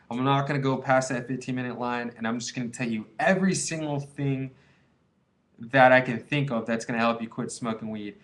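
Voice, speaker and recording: A young man in his twenties speaks straight to the camera in a relaxed, confessional vlog. His talk is loose and rambling, full of slang and fillers like "dude" and "man". His voice sits at an ordinary middle pitch. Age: 20s. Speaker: vlogger giving advice on quitting. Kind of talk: casual confessional monologue to camera.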